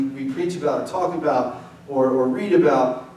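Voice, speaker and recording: Joking young pastor in an echoey church. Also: male voice, mid-range voice, normal speed, darkish tone. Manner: casual, joking, talks with the congregation. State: weak from illness. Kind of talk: sermon. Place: church sanctuary. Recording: echoey sanctuary, mic from far off.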